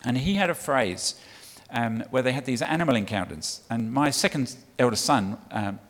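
A man's voice: mid-range voice, moderate pace, fairly bright tone. Man, middle-aged, from England, guest preacher, chatty sermon talk, ums and restarts, long hall reverb. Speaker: guest speaker for a child sponsorship charity. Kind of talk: sermon talk to a church congregation. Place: church hall.

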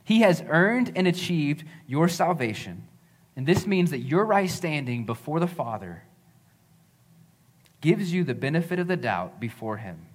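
A man's voice: fairly high pitch, very animated, a little slow. A man in his thirties preaching a sermon as pastor, earnest and conversational, often repeating phrases.

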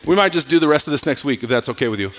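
Man, preaching, sermon, animated, bright, lively pitch, loud and soft swings. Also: racing, a faint crowd, a little hiss or hum. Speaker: pastor.

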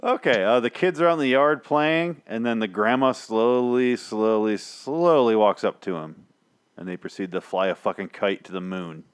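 A hoarse man co-hosting a podcast in casual chat, swearing freely and riffing with laughter. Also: fairly low pitch, brisk. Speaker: podcast co-host.

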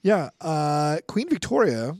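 A man with a slightly raised pitch hosts a relaxed chat, reading out bits of trivia and cracking up between them. He is recorded close on a dry mic with no room sound. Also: takes it slowly, no room sound. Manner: laughs often, reads facts off then jokes. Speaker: podcast host. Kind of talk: casual chat.

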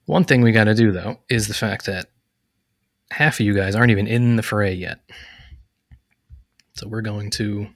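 A man narrating as game master of a tabletop game, relaxed and full of fillers. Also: fairly low pitch, moderate pace, pauses often, no room sound, clean studio sound. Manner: relaxed, hesitant, lots of fillers.

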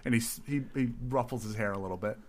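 A man's voice: mid-range voice, quick pace, darkish tone. A man playing a tabletop game, describing his character's actions in a laughing, offhand way. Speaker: player.

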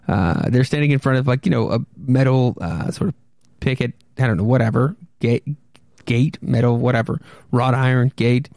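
A man hosting a podcast in a casual, rambling way, full of wry asides and self-corrections. His voice is gravelly and middle-pitched. The recording is dry and close. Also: fairly even intonation, moderate pace, darkish tone, no room sound. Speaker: podcast host. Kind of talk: casual comic commentary and read-aloud.

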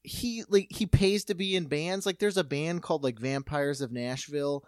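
Young dude cohost on a comedy podcast, dry jokey quips, kinda high voice, no room sound. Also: male voice, normal speed, no room sound. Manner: sardonic quips, laughs at his own jokes. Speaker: podcast co-host. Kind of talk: casual comedic banter.

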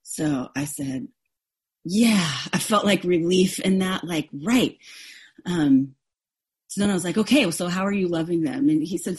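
A woman's voice: lowish voice, a little slow, a little mellow, slightly rough. A woman pastor giving a sermon, earnest and openly vulnerable, often restarting her sentences. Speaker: interim co-pastor.

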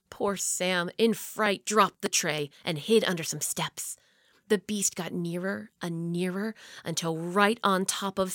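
A woman reads a children's story aloud, steady and expressive, sinking low and quiet for suspense. Her voice sits at an ordinary middle pitch for a woman. The sound is close and dry, with no echo.

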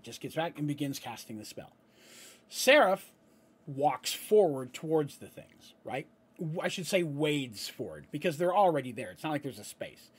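A man runs a tabletop game as game master, narrating the action in a husky, slightly raised voice. He breaks off into casual explanations and keeps checking in with a quick "right?". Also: on the high side. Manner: explanatory asides, frequent "right?".

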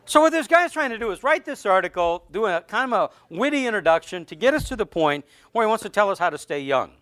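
A middle-aged pastor delivers a sermon to his congregation in a conversational, joking style, stammering and restarting now and then. His voice sits high and a bit bright, and he speaks quickly and with lots of animation.

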